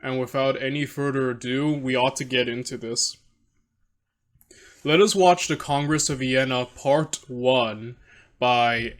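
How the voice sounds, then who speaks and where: A man hosting a reaction video in casual, rambling commentary, self-deprecating and often restarting his sentences. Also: mid-range voice.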